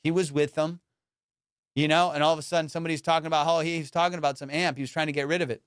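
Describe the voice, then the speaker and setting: A man hosting a comedy podcast, spinning stories in loose slang and throwing on voices for the people in them. His voice sits a bit high and comes through smooth and resonant. The close mic is completely dry, with no room sound around him. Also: racing, no echo. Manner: slangy, animated, acts out quoted voices. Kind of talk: casual storytelling.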